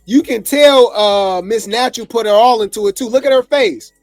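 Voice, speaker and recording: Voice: medium pitch, normal speed, dry recording, faint music behind. Laid-back rambling gossip host, dry sound. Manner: rambling, laid-back, chuckles often, many fillers. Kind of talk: casual reality TV commentary.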